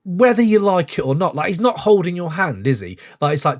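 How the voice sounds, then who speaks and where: Male podcast host, 40s, excitable and rambling, animated delivery with a slightly high pitch. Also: brisk, hardly any pauses. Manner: excitable, gushing, rambling asides. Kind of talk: casual music review chat.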